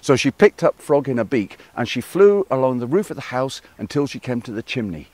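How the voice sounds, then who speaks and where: A male storyteller telling a folk tale to a live audience, playful and expressive. His voice rises and falls in a lively way, and it sounds dry and close, with no room echo. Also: mid-range voice, a little fast. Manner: expressive, playful, talks with the listeners.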